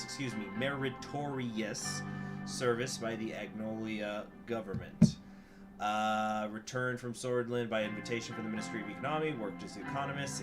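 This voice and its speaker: Brief: easygoing male streamer reading aloud, mid-pitched, guitar music underneath. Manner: chatty, self-deprecating, reads text aloud. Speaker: streamer playing a political game. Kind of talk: casual gameplay commentary, reading aloud. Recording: guitar music playing behind.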